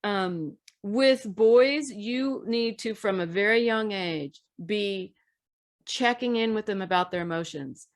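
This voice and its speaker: A woman's voice: mid-range voice, slow. A woman hosting a podcast, talking in an emphatic, direct way as she gives advice in a casual discussion. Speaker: podcast host.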